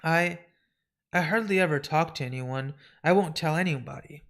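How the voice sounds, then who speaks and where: A man's voice: fairly high pitch, gravelly, fairly bright tone. A man reading as Rainey, a despairing shapeshifter woman. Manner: halting, stammering, despairing. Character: sad lonely shapeshifting woman wanting death. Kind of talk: comic book read aloud live.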